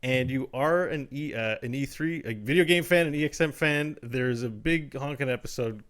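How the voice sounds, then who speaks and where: A man hosts a casual podcast with a bright, forward voice. He chats in an upbeat way, plugging episodes and closing the show. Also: medium pitch, normal speed. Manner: upbeat plugs, chatty. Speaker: podcast host. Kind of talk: casual comedic chat, show sign-off.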